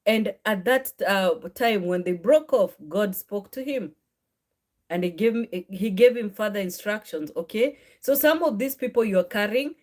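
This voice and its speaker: A woman's voice: medium pitch, darkish tone. A woman giving an informal Bible teaching, earnest and conversational, often ending phrases with a questioning "okay?" and correcting herself as she goes. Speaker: faith and marriage channel host.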